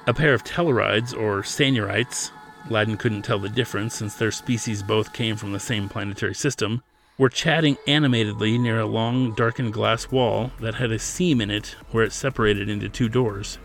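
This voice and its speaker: Gravelly male audiobook narrator. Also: on the low side, moderate pace, soft background music. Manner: steady storytelling, plays character lines lightly. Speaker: author and podcast narrator.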